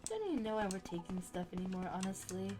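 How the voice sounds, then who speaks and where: A woman's voice: medium pitch, big pitch swings, fast talker, noisy background. A young woman chatting casually and thinking aloud as she plays a video game. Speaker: gaming channel host. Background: game music and keyboard typing.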